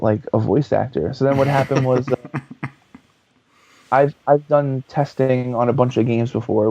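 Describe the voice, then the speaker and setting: A man's voice: medium pitch, dry recording. Chatty man telling a story, dull sound. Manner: lively, chatty, swears freely. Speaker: guest, author and voice actor. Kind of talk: casual storytelling in a podcast interview. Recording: dull lo-fi podcast audio.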